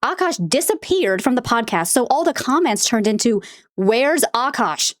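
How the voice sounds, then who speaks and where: A woman's voice: a little high, big pitch swings, dry recording, studio quality. A woman hosting a reaction video, talking bluntly and with exasperation about a podcast clip. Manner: blunt, exasperated, rapid-fire. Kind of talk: casual reaction commentary.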